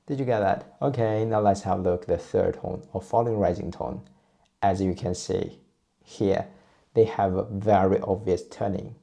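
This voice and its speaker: Low raspy guy, patiently walking learners through sounds. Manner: patient, steady teaching voice, repeats drill sounds. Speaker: Chinese teacher. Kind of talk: explaining and modeling pronunciation.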